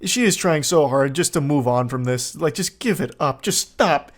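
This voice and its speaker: A man in his thirties reading out text messages with dry, deadpan, sardonic commentary. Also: fairly high pitch, moderate pace. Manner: deadpan, sardonic, monotone delivery. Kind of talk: comedic commentary.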